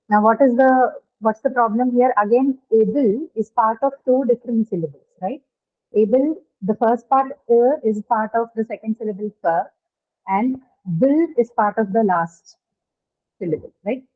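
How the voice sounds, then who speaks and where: A woman English teacher giving an online class. She talks patiently, asks the students questions and often checks with them by asking "right?". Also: fairly high pitch. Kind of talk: online class lecture on word stress. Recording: tinny phone-like call audio.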